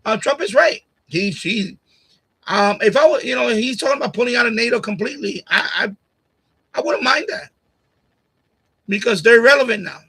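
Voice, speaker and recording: A man's voice: extremely high pitch, lively intonation, moderate pace, long pauses, pushed and bright, slightly rough, rough recording. A man hosting a live stream, chatting casually and bluntly with his chat, repeating himself and laughing at comments. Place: home streaming setup. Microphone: USB condenser mic on boom arm.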